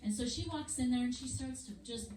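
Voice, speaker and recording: Woman teacher telling a bible story to kids, lively and a bit high, echoey room, mic far away. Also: fairly quick. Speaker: children's church teacher. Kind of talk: Bible story lesson for children. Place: church classroom.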